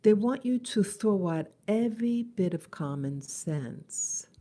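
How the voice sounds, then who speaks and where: A middle-aged woman talking in a halting, casual vlog monologue in her early-morning voice, with many restarts. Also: medium pitch, lively intonation, warm tone. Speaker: vlogger.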